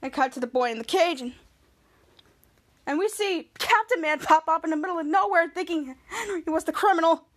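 A woman's voice: very high-pitched, brisk, fairly bright tone. A woman podcast host casually retelling a TV episode scene by scene, rambling and restarting often.

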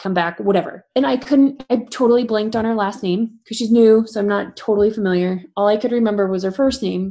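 A woman in her thirties, a veterinarian, chatting casually on a podcast and acting out quotes in animated stories. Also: mid-range voice, creaky. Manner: animated storyteller, acts out quotes.

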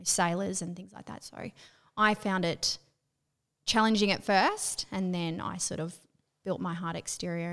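A woman's voice: lowish voice, creaky, a bit bright. A woman host and former sailor, speaking candidly and often searching for her words. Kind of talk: conversational interview.

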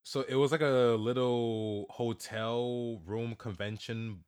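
Male co-host, slow unhurried delivery, slangy, stop-start phrasing. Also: mid-range voice, steady tone, a little mellow, smooth. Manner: slangy, halting, many restarts. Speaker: podcast co-host. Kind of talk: casual podcast chat.

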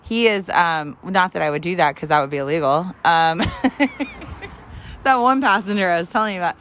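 A woman's voice: lowish voice, moderate pace, fairly bright tone, slight background noise. A woman in her twenties swapping stories with a friend in casual podcast chat, swearing freely and laughing often. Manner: profane, laughing storyteller. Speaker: podcast co-host.

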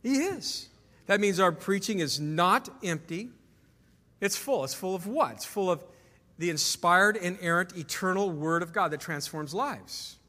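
A man's voice: high-pitched, lively intonation, measured pace, pushed and bright, big-room sound. A man preaching a sermon as pastor to his congregation, emphatic, asking the room questions. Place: church sanctuary.

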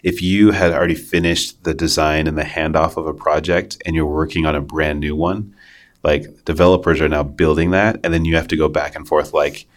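A man co-hosting a casual talk show about design, agreeable and quick to laugh. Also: a bass voice, steady tone. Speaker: podcast co-host, designer. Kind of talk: casual chat.

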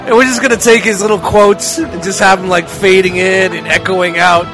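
A man's voice: high voice, steady tone, fairly quick, over music. A man bantering and teasing his friends in casual podcast chat. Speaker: podcast co-host.

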